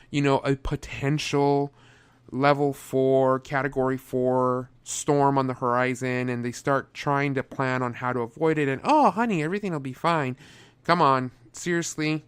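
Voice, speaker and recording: A man's voice: medium pitch, fairly even intonation, measured pace, a bit bright, clear, resonant tone, no room sound. A young man reviewing a movie in a casual, sarcastic way, often breaking into exasperated outbursts.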